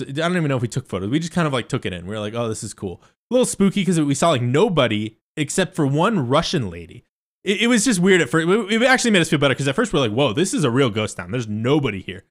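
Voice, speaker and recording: A man, a stand-up comedian, casually telling a rambling story, swinging between loud asides and muttered remarks with loose, profane phrasing. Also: on the high side. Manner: loose and profane, lots of fillers and restarts.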